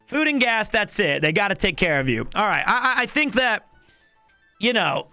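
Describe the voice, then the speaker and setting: A man in his thirties chatting casually on a live stream, animated and rambling with lots of restarts. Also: high-pitched, moderate pace, no room sound, soft background music. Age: 30s.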